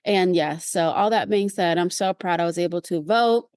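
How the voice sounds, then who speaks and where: A woman co-hosting a podcast in casual chat, animated and playful, slipping into high mimicking voices. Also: moderate pace, clean tone, no echo, studio quality. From California. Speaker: podcast co-host.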